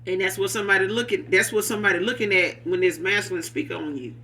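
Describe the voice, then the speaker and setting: A man's voice: high-pitched, quick pace, sharp tone. A man giving a casual, rambling tarot reading, talking in a loose, profane, street-casual way. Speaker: tarot reader.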